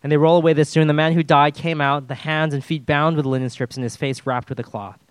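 Male pastor, conversational sermon, fairly high voice, dry close sound, dynamic delivery with jokes. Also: fast talker, clear, resonant tone, no room sound. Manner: casual and animated, swings between loud emphasis and hushed drops; joking asides.

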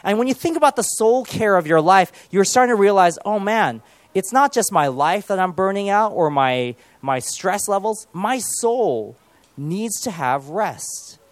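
A man in his thirties preaching a conversational sermon. He mixes in self-deprecating jokes and prays aloud softly. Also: high voice, lively intonation, unhurried, no room sound. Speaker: pastor.

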